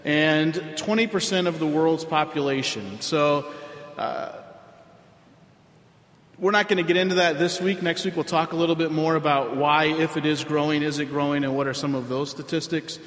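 A pastor preaches a sermon to his congregation in a relaxed, conversational way, pausing often on fillers. His voice sits a little higher than most men's. The recording has a roomy church-hall sound with a long reverb trailing each phrase. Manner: conversational, with frequent filler pauses. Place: church sanctuary.

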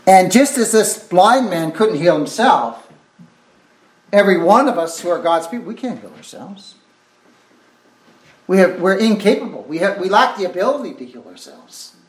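A man's voice: high-pitched, big pitch swings, normal speed, roomy sound. A man preaching a sermon with fervor, repeating phrases and exclaiming "oh my" as he goes.

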